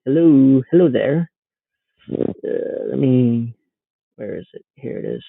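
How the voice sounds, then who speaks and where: A man's voice: mid-range voice, lively intonation, slow pace, creaky, slightly rough, dry recording, phone-quality sound. A man hosting a livestream, giving sarcastic, rambling political commentary. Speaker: livestream host.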